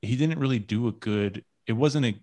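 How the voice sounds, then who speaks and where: A man's voice: medium pitch, normal speed, darkish tone, dry recording. A man co-hosting a casual podcast chat, rambling with many fillers and restarts. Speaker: podcast co-host.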